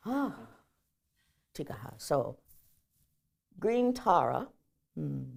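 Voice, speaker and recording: A woman professor giving a public lecture, telling stories in a lively way and leading the audience in chanting. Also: deep voice, drawn-out words, gravelly.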